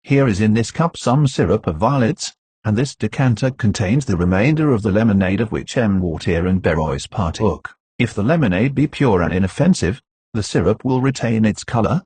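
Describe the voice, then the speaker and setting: A man's voice: fairly low pitch, lively intonation, darkish tone, slightly rough, dry recording. A man voicing a grave middle-aged doctor who speaks firmly and insistently. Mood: instructive. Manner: firm, measured, accusing.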